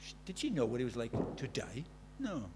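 A man's voice: medium pitch, wildly swooping pitch, brisk, background noise. A man preaching a sermon in an earnest way, telling stories and asking his listeners many questions.

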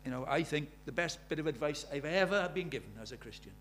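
A man preaching a sermon, animated, shifting from loud emphatic lines to quiet asides. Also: on the high side, fast talker, slight background noise.

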